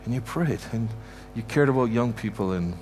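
Faint music plays behind this Canadian man as he preaches in a church sanctuary. His mid-range voice is a little mellow, with lively intonation and a moderate pace. As the guest preacher, he gives a heartfelt sermon, stressing his points through repetition and blessing the congregation.

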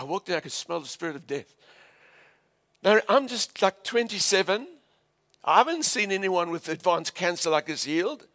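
A South African man in his fifties, a pastor telling a story in a sermon to a live church audience, animated and laughing along with them. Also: sits high, normal speed.

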